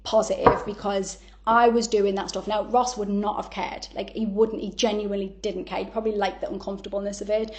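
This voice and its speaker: A woman guest on a podcast, telling personal stories in a candid, chatty way, full of fillers and quick laughs. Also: mid-range voice, flat delivery, heavy background noise. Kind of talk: candid conversational storytelling.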